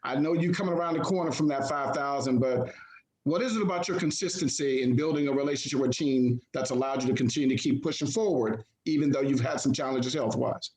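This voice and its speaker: A man's voice: medium pitch, quick pace, darkish tone, reverberant, low-quality recording. A man hosting an online community call, encouraging and a little hesitant, with many fillers. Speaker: host.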